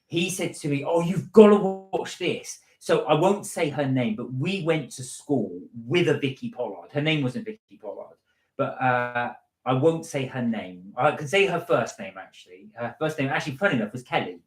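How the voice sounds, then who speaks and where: A man's voice: mid-range voice, expressive, moderate pace, echoey room. A man from the West Country co-hosting a live stream, chatting casually and telling stories with frequent laughs. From West Country of England. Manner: chatty storyteller, laughs often, slips into impressions. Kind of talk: casual chat.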